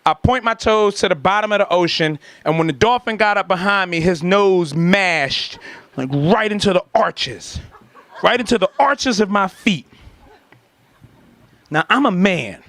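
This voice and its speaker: A man doing a stand-up comedy set, telling a story with lively acted-out voices and shouts before a laughing audience. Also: high voice, measured pace.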